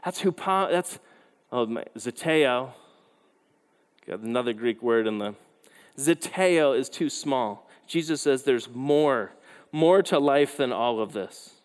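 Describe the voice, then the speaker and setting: A man preaching a youth sermon, telling stories with lively, quick asides. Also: mid-range voice. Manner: animated storytelling with quick asides. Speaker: youth pastor. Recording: hall reverb.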